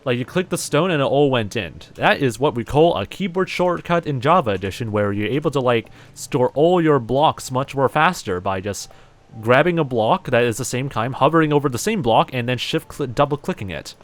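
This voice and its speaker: A man's voice: mid-range voice, expressive, moderate pace. Rambling Kiwi man chatting while gaming. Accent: light New Zealand, somewhat American-sounding. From New Zealand. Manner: rambling, heavy use of "like" and "um", many restarts. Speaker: game streamer. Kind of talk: casual live-stream chat while gaming, reading chat aloud.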